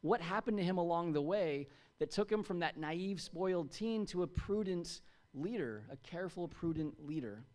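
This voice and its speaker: A man's voice: on the high side, animated, moderate pace, a little mellow. A man in his thirties from the United States preaching a sermon to a congregation in a chatty, jokey way, asking them questions. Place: church.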